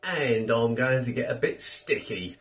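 A man's voice: medium pitch, animated, a little slow, a bit bright, distant mic, soft background music. A middle-aged British man hosting a casual food review, chatty and self-deprecating with rambling asides. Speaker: food reviewer, channel host.

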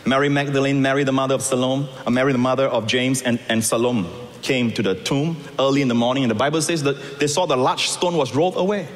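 A man preaching a sermon, acting out the scripture voices and moving between loud calls and soft, quiet lines. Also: mid-range voice, fairly even intonation, fast talker, in a large hall. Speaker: pastor.

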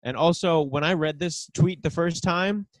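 A man's voice: fairly high pitch, moderate pace, no echo. A man co-hosting a podcast in casual chat, with dry, sarcastic humor. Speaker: podcast co-host.

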